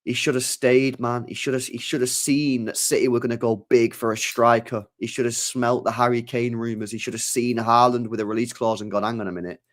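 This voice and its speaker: A man's voice: medium pitch, fairly quick, few pauses. Slangy young man chatting football. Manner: slangy, rambling, animated asides. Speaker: football channel host. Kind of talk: casual livestream chat.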